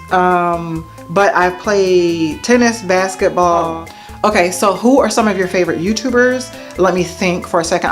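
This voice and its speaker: A woman in her thirties from the United States chatting casually to camera, answering questions with self-mocking asides to viewers. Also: lowish voice. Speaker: vlogger. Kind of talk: casual to-camera Q&A tag video.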